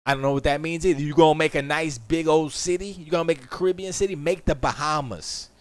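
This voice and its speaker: A man's voice: on the high side, fast, no room sound. A man chatting casually on a live stream from his home studio, rambling and opinionated, often mocking what others say.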